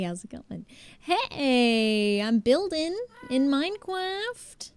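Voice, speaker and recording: A woman's voice: fairly high pitch, expressive, takes it slowly, a little mellow. Chatty young woman streaming a game. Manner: chatty, self-deprecating, swears casually. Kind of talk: casual live-stream chat while gaming.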